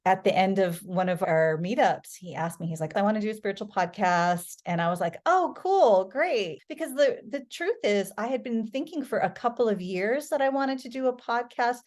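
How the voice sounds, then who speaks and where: A middle-aged woman chats as a podcast guest and tells her story in an easy, conversational way. She is lively and animated and jumps into quoted voices. Her voice sits at a middle pitch. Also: a little fast, few pauses.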